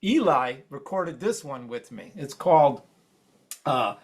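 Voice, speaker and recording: A man speaking between songs at a live open mic, close to tears, giving a halting, rambling, emotional tribute. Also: medium pitch, expressive, husky. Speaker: open mic feature performer. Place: small venue stage.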